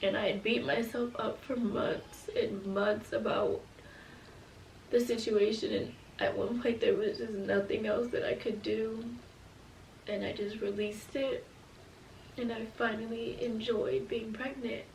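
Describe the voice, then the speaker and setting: A woman's voice: fairly high pitch, steady tone, unhurried, creaky, a little mellow, roomy sound, far from the mic, a little hiss or hum, rough recording. A woman in her twenties telling her pregnancy story in a casual storytime vlog, earnest and reflective as she speaks openly about hard times. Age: 20s.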